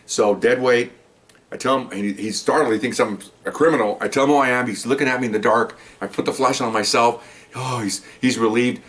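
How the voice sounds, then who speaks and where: A retired police officer, an older man, telling a story from his patrol days in a casual, animated way, often repeating words and checking in with "okay?". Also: medium pitch, a little fast.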